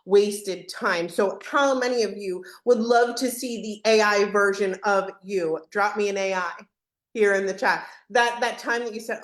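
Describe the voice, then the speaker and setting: A woman hosting a live software demo webinar in a casual, joking way, laughing often and acting out what team members say. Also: mid-range voice, a little slow, roomy sound.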